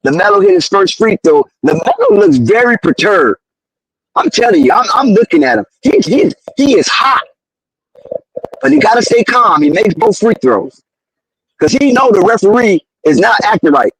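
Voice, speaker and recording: High-pitched excitable man calling a game. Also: moderate pace, creaky, breathy edge, no room sound, poor audio. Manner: excitable, outraged at referees, slangy. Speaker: live game commentator. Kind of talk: fan play-by-play commentary.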